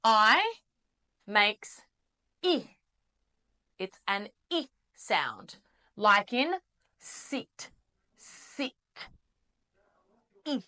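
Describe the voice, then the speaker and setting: A woman with an Australian accent teaching a basic English lesson, repeating sounds and words slowly and encouraging learners. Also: medium pitch, sing-song, sharp tone. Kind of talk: slow, clearly enunciated English lesson.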